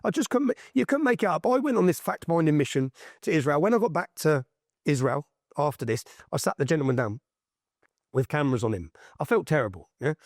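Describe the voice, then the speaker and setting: A man's voice: a little high, lively intonation, a little fast, darkish tone, dry recording, studio quality. A man, an interview guest telling personal stories in an emphatic, slangy way, often tagging on "yeah?". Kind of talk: animated personal storytelling in conversation.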